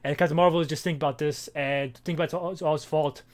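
A man co-hosting a casual comic book chat, animated and reading dialogue aloud with feeling. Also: on the high side, racing. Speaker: podcast co-host.

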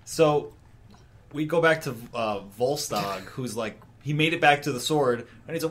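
Mid-pitched man, teasing podcast chat. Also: unhurried. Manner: laughs often, teasing. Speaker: podcast co-host. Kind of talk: casual comic recap chat.

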